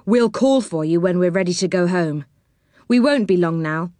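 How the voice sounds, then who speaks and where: A woman's voice: on the low side, lively intonation, moderate pace, darkish tone, dry recording, close to an everyday voice. Stern sensible kid telling off his friend, woman reading, dry close sound. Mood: reproving. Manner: stern, reproving. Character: sensible boy, bossy and stern.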